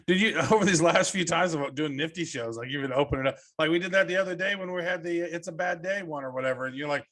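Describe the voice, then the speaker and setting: A man's voice: fairly high pitch, fast talker, fairly bright tone. A man co-hosting a podcast, chatting casually and reacting aloud while scrolling through things. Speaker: podcast co-host. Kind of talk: casual chat.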